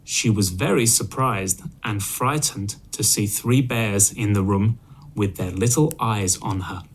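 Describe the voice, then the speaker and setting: A man reading a children's story aloud, clearly and expressively, for English learners. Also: lowish voice, a little slow.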